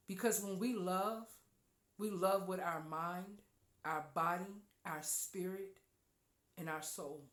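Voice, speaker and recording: A woman hosting a podcast, giving an emphatic, preachy spiritual talk with loud exclamations. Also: on the low side, reverberant. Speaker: podcast host.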